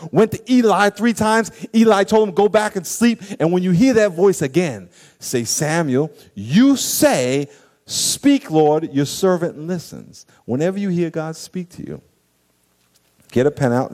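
A man preaching a sermon, animated and acting out scenes and quoted voices for the congregation. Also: high voice, fairly quick. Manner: animated, acts out stories and quotes. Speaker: pastor.

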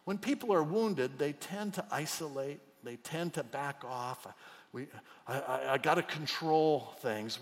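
A man preaching a sermon as pastor, swinging from loud cries to near whispers. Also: a little high, a little slow, in a large hall. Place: church auditorium.

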